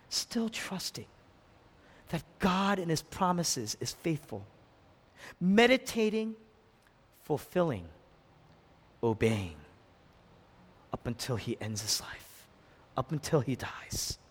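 A pastor preaching a sermon, impassioned, swinging between hushed and loud delivery. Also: male voice, fairly high pitch. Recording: long reverb of a large hall.

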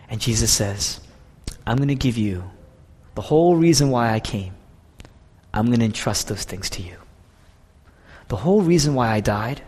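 A man preaching a sermon, swinging between loud, emphatic peaks and hushed near-whispers. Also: medium pitch, expressive, normal speed, long pauses, slightly rough. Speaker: pastor. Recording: long hall reverb.

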